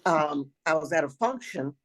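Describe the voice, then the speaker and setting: An older woman with a raspy voice, a retired teacher telling travel stories as an interview guest, now and then clearing her throat. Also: low voice, animated, moderate pace, fairly bright tone, rough recording. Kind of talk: storytelling interview answers.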